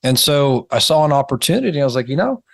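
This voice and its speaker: A man, a podcast guest telling stories in a lively way. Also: mid-range voice, fast, no echo, studio quality. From Texas, USA. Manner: lively storytelling, laughs easily. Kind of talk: interview podcast.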